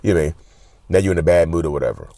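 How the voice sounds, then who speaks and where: A man's voice: rumbling low, lively intonation, very fast, creaky, mellow, dry recording, studio quality. A man hosting a casual advice vlog, talking to viewers as y'all with lots of repeats and restarts. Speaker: channel host, self-described narcissist.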